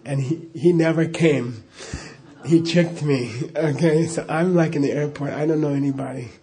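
A man's voice: fairly high pitch, steady tone, moderate pace, dark tone. A middle-aged man telling a personal story in a casual, rambling way, with frequent chuckles and "you know" asides. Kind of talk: casual spoken anecdote.

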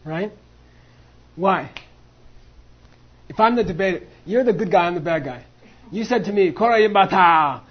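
A man's voice: high-pitched, expressive, measured pace, pauses often, breathy edge, dull audio. A man teaching a class on monastic debate, acting out both sides and mixing in Tibetan phrases. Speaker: Buddhist philosophy teacher.

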